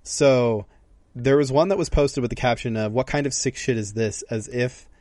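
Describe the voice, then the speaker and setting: A man's voice: mid-range voice, darkish tone, no room sound. A young man co-hosting a podcast in casual chat, telling stories in a rambling way and often restarting his sentences. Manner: rambling, self-interrupting storyteller. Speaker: podcast co-host.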